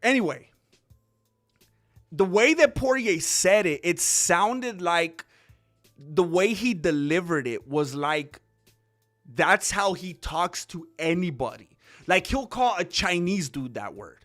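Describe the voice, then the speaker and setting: A young man with a high, very lively voice, rambling through an offhand commentary with frequent restarts. His tone is bright and a bit sharp, and faint music sits beneath him. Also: slow pace. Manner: rambling, with many restarts and fillers. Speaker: commentary channel host. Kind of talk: casual opinion commentary.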